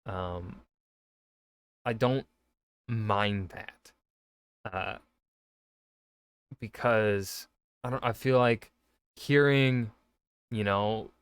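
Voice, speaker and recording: A man's voice: lowish voice, drawn-out words, pauses often, smooth, dry recording. A man, an author, giving casual reaction commentary, rambling with many fillers and restarts. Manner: rambling, lots of fillers and self-corrections.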